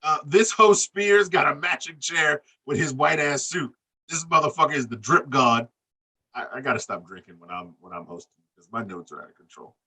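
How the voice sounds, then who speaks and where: A man on a casual wrestling podcast, talking loud and animated, cursing freely and laughing. His voice is bright and forceful. He sits a little back from the mic. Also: mid-range voice, fairly quick, slightly rough, far from the mic. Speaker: podcast co-host recapping wrestling. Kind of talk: profane casual chat.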